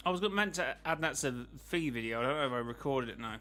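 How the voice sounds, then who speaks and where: A man's voice: mid-range voice, animated, quick pace, pushed and bright, soft background music. A man streaming a game, chatting casually with his viewers in a rambling, self-interrupting way. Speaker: gaming streamer.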